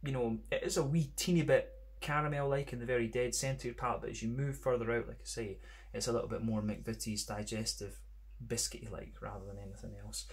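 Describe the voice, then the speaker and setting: A man's voice: mid-range voice, steady tone, fairly quick. A man with a Scottish accent reviewing beer in a casual, rambling monologue, full of "kind of" and "sort of" fillers.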